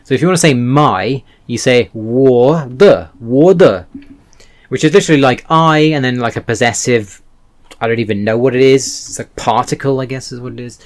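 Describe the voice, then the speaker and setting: A man's voice: mid-range voice, fairly quick. A man casually chatting to camera about his language levels, rambling and correcting himself often. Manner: rambling, self-correcting, self-deprecating. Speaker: language learning vlogger. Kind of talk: casual talking-head vlog.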